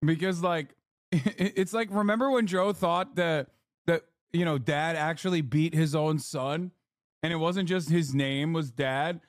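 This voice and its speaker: A man's voice: fairly high pitch, fairly even intonation, measured pace, no room sound, clean studio sound. A male streamer chatting casually as he reacts to clips, sarcastic, profane and mocking. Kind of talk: casual chat.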